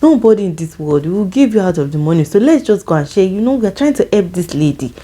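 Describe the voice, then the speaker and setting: A woman's voice: medium pitch, expressive, fast talker, warm tone, close to an everyday voice. Woman voicing a coaxing Nigerian man. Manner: coaxing, insistent. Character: pushy male taxi passenger, persuasive.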